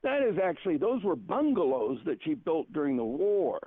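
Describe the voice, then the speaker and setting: A man's voice: on the high side, sing-song, moderate pace, dry recording. An older man telling rambling family stories on a casual phone call, repeating himself and laughing often. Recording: tinny phone line, dry.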